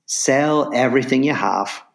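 A man's voice: medium pitch, measured pace, creaky. A man voicing God in a spoken parable, giving blunt, offhand orders from heaven. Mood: commanding. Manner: blunt, casual commands.

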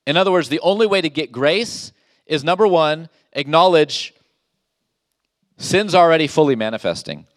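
A man's voice: fairly high pitch, expressive, moderate pace, dry recording, studio quality. Emphatic male pastor preaching. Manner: emphatic, rhetorical questions, reads scripture aloud. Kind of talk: sermon.

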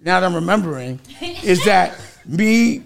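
Middle-aged guest, high gravelly voice, argumentative, breaks into laughs. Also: male voice, lively intonation, a little slow. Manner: emphatic, argumentative, frequently laughing while telling stories. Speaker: record label executive guest. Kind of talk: heated casual conversation.

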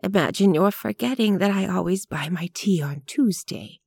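A woman voicing a prim, quietly disapproving elderly lady in an audiobook reading. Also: on the low side, sing-song, a little slow, gravelly, no echo, studio quality, heavily acted. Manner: genteel, precise, quietly disapproving. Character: prim, gently sharp-tongued elderly woman.

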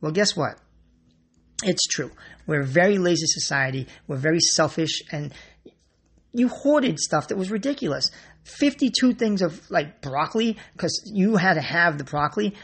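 Gravelly, husky grocery worker ranting. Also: medium pitch, expressive, moderate pace, fairly bright tone. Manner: blunt, exasperated, swears freely. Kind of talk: ranting monologue to camera.

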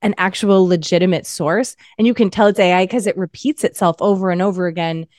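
A woman's voice: fairly low pitch, steady tone, fairly quick, a little mellow, no echo. Woman, casual podcast chat, blunt and profane, dry close sound. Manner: blunt, profane, mocks by acting out quotes. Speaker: podcast co-host.

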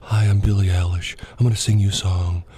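A man doing an impression of a young female pop singer, speaking in a slow, breathy whisper. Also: low-pitched, level tone, mellow. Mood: sing-song.

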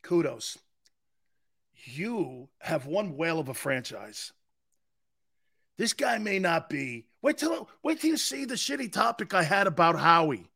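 Sports talk host, male, excitable and emphatic, bright sharp voice. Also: measured pace, vocal fry, breathy edge. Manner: excitable, emphatic, swings between shouting and low asides. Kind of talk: animated sports talk monologue.

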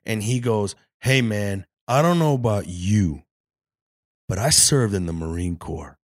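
A man in his forties from Detroit, a podcast guest telling animated, profane stories and acting out voices in them. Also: lowish voice, a little slow, no echo, studio quality. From Detroit area. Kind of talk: casual storytelling in conversation.

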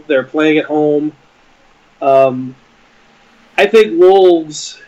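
A man co-hosting a casual football prediction chat, measured and using fillers. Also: a little high, darkish tone. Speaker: podcast co-host. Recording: dull lo-fi sound.

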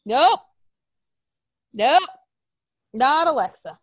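High, lively woman ranting. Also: normal speed, dry recording, clean studio sound. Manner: animated, swearing, mock-outraged rants. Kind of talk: casual wrestling chat.

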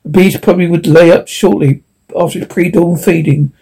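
A man narrating an audiobook in an unhurried way, with some stumbles and restarts. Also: fairly high pitch, fairly even intonation, gravelly, dark tone, slightly rough, low-quality recording.

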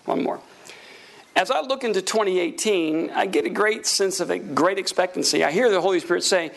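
A gravelly, raised-pitch man in middle age preaching a sermon. He calls out to the congregation for amens and swings his voice up and down as he goes. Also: brisk, fairly bright tone. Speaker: pastor.

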